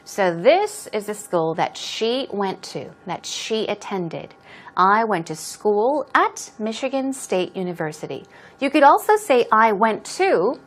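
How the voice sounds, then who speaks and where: A woman's voice: mid-range voice, big pitch swings, unhurried. A woman teaching English, patiently going through a dialogue and explaining words and stress step by step.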